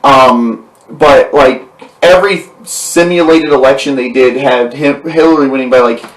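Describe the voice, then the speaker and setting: A man's voice: medium pitch, a little slow. A male podcast host talking casually, rambling with fillers and restarts. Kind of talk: casual conversation. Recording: roomy, distant mic.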